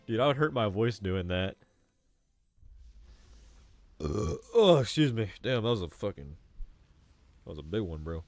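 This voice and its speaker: Animated young man streaming, swearing casually. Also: low voice, a little slow, vocal fry, pauses often, dry recording. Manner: chatty and profane, says "bro" constantly, often laughs. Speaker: live streamer playing a video game. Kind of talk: casual gaming commentary. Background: faint game music.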